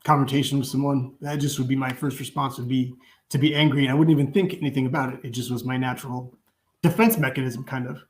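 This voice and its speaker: Man, podcast guest, mid-pitched, reflective and casual, relaxed phrasing. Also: quick pace. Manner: reflective, loose phrasing with fillers. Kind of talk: casual conversation.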